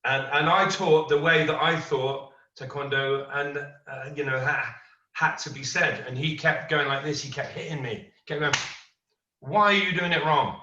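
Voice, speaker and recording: Martial arts instructor in a roomy hall. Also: male voice, a little high, moderate pace. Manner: storytelling, animated quoting of others. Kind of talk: class teaching with anecdote. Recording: roomy, distant, dull lo-fi.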